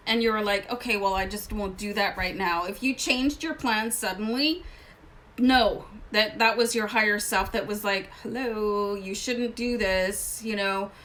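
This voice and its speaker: A woman's voice: medium pitch, fairly bright tone. Chatty woman giving a casual tarot reading. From Canada. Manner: chatty and rambling, with many fillers and asides. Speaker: tarot reader.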